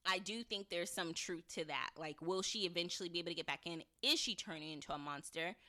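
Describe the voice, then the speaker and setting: A young woman hosting a podcast, giving a chatty, animated spoken review and acting out lines from the episode. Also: on the low side, fast.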